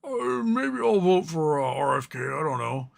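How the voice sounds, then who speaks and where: A man's voice: on the high side, sing-song, moderate pace, vocal fry, exaggerated voice. A man mocking an indifferent male senator in a shrugging, dismissive voice.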